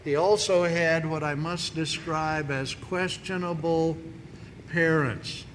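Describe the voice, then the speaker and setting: A woman giving a humorous sermon in a large hall, telling stories in a lively way and acting out the voices she quotes. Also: deep voice, takes it slowly. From grew up on a farm. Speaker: speaker, preacher. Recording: long hall reverb, faint noise.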